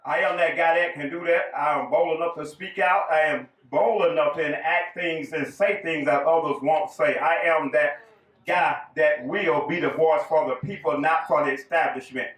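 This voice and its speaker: Southern guy giving a stump speech, fairly high voice, folksy and joking, echoey hall, sounds far from the mic. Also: fairly even intonation, moderate pace, fairly bright tone. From raised in the American South, born in New York. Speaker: political candidate giving a speech. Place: public event hall.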